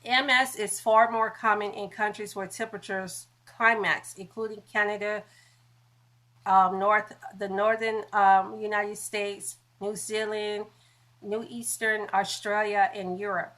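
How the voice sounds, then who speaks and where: A woman's voice: mid-range voice, level tone, a little slow, a bit bright. A woman talking on a casual phone livestream, in a mid-range voice. She chats along loosely and trips over long medical terms now and then. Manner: chatty, stumbles over medical words. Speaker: livestream host.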